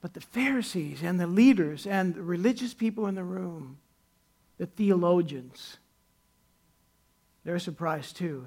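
A man delivering a sermon in a relaxed, chatty way, his voice pitched high for a man with a rough, gravelly edge. He acts out the people in his stories as he preaches. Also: a little slow, long pauses. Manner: conversational preaching, acts out quoted characters. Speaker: pastor.

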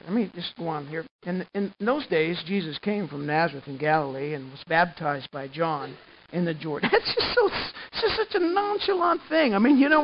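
Guy preaching a sermon, gets loud then real quiet, repeats himself, kinda dull lo-fi sound. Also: high voice. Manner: animated, swings between quiet and loud, repeats words. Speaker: pastor.

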